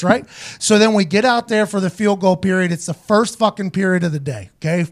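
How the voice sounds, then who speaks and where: A man's voice: high voice, quick pace. A man hosting a casual podcast, telling stories with lots of swearing and acting out quoted voices along the way. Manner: profane, animated storyteller doing quoted voices. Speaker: show host, former punter.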